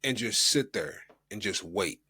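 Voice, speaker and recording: A man's voice: on the low side, expressive, unhurried, pushed and bright, husky. A young American man co-hosting a podcast, telling a story in a loose, rambling way full of fillers and restarts. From United States. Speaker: podcast co-host. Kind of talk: casual chat.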